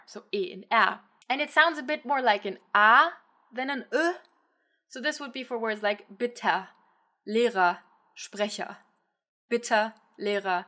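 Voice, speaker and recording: A woman explaining pronunciation to camera as a language teacher, clear and patient, saying example words slowly. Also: mid-range voice, sharp tone.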